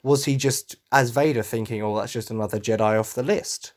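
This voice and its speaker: A man hosting his own podcast, talking casually and excitedly as a fan, acting out quotes and humming tunes. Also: medium pitch, brisk. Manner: excitable, acts out quotes and hums music. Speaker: podcast host.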